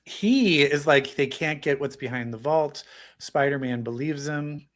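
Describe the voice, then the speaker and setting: A man co-hosting a podcast in casual chat, gushing and swearing with excitement. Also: on the high side, measured pace. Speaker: podcast co-host.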